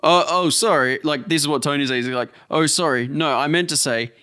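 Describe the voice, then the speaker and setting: A man with a smooth, resonant voice talks through a film scene in loose, rambling podcast chat, often laughing and restarting his sentences. The sound is dry and close, with no room around it. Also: a little high, brisk, sharp tone, no room sound. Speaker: podcast co-host. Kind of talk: casual chat recapping a film.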